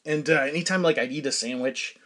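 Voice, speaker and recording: A middle-aged podcast host from Massachusetts, USA, delivers a casual solo monologue of rambling stories, laughing often. His voice is fairly high, fairly quick and a bit bright.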